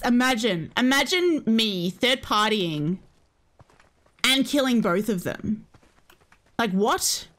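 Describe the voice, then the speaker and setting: A woman streaming a shooter game, chatting excitably to her viewers and giggling at her own plays. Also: a little high, a little slow. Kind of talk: casual gameplay commentary to viewers.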